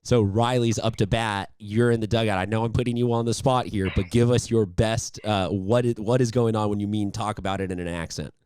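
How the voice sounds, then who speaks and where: Upbeat guy interviewing a player, lowish voice, dry close sound. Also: fairly even intonation, brisk, hardly any pauses, a little mellow, smooth, no room sound. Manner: upbeat, chatty, rambling with restarts. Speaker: sports interviewer host. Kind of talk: casual interview.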